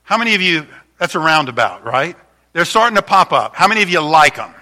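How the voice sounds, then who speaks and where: A man's voice: a little high, sing-song, fairly quick. A man in his fifties, a pastor chatting through a slideshow of stories before his sermon. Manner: chatty, warm storytelling with frequent restarts.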